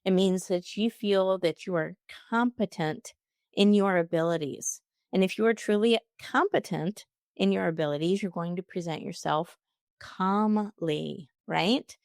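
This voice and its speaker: A woman's voice: fairly low pitch, normal speed, a little mellow, no room sound, clean studio sound. A woman hosting a solo podcast, giving chatty, encouraging advice and laughing often. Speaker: podcast host.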